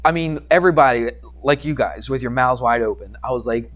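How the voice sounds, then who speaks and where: A male math teacher tells a story to his students during a lively lecture, acting out quoted voices and sound effects. His voice is medium in pitch and a little fast.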